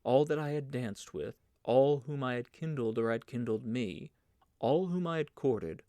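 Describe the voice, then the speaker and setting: A man narrating an audiobook of a novel in an even, measured reading. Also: medium pitch, no echo, studio quality. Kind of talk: scripted narration.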